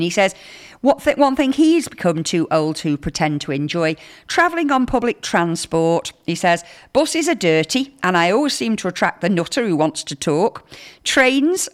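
A woman radio host in easygoing chat, her fairly low voice swinging widely as she reads out listeners' messages. She talks in a chatty way and leans hard on the words she wants to land. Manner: chatty, reads texts aloud with lively emphasis.

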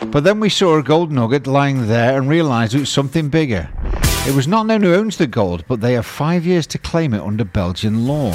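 A man's voice: medium pitch, big pitch swings, a little fast, hardly any pauses. An older man presenting on radio, rambling conversationally and throwing rhetorical questions at listeners. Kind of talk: chatty radio talk. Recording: music playing underneath.

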